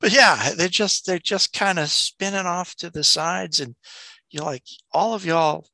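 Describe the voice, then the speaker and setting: A man's voice: sits high, a little slow, bright, forceful tone, no echo. A man from Mississippi rambling through stories in casual chat, laughing often.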